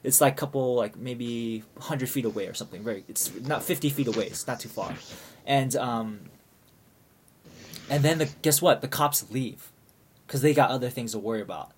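A man's voice: mid-range voice, moderate pace, slight background noise. A young man casually telling a long story to friends, rambling and swearing, with lots of fillers and restarts.

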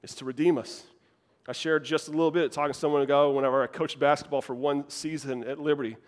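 Pastor, young man, slightly high voice, earnest and emphatic sermon delivery, repeats key phrases. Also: steady tone, fast talker.

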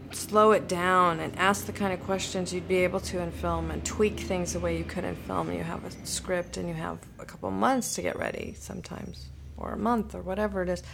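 A woman's voice: on the low side, gravelly, a little hiss or hum. A woman actor and director, reflecting in conversation and acting out remembered dialogue with animation.

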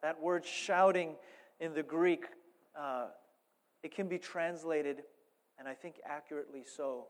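A man with a notably high voice delivers a Sunday sermon from the pulpit. He preaches with animated, playful energy, building to emphatic peaks. His words ring out with the long reverb of a church hall. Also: a little slow, pauses often. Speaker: pastor.

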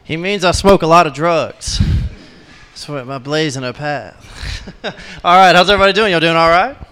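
Man, stand-up comic, high bright voice, swings all over, stage mic in a club. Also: normal speed, clean tone. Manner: animated storytelling with loud laughing outbursts. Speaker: stand-up comedian. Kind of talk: stand-up set at an open mic.

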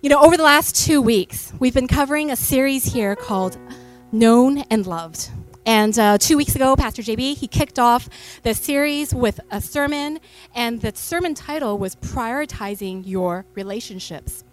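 Woman pastor in her 30s, fairly high voice, chatty sermon on a church mic. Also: moderate pace, soft background music. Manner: chatty storytelling with many fillers. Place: church stage. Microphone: stage microphone.

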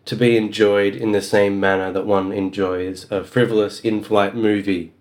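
A man's voice: fairly low pitch, level tone, normal speed. A man co-hosting a casual podcast about a novel, recapping the plot in a dry, wry way. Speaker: podcast co-host.

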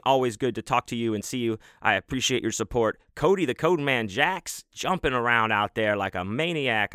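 A man hosting a podcast, giving casual, effusive shout-outs to supporters and swearing freely. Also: mid-range voice, clear, resonant tone, dry recording, clean studio sound. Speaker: podcast host.

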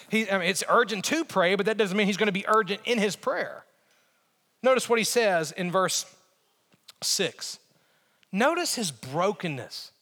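A middle-aged man, a pastor preaching a sermon with earnest emphasis, pauses and repeated phrases. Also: high voice, a bit bright, big-room sound.

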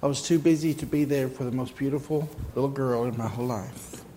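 A male pastor delivering a sermon, speaking gently and slowly, with moments of rising fervent emphasis. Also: medium pitch, steady tone, long reverb tail, a little hiss or hum. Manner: soft, slow, then rising to fervent emphasis. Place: church sanctuary.

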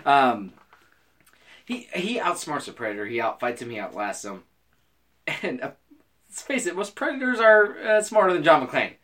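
A lively man with a bright, forceful voice, bantering casually as a podcast co-host. His pitch leaps around as he jokes, swears and argues his side. The talk is loose and playful. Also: normal speed, long pauses. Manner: animated, swearing, jokey, jumps high in pitch when excited.

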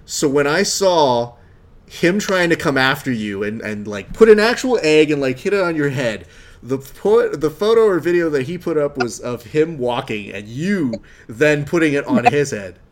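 A man hosting a casual podcast interview, easygoing and quick to laugh. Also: a little high, expressive. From married man. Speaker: podcast host.

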